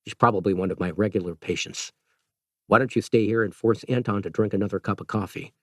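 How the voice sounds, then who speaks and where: A man's voice: on the low side, fairly even intonation, fast, dry recording, studio quality, lightly acted. A man voicing a tired, grim hospital doctor in an audiobook.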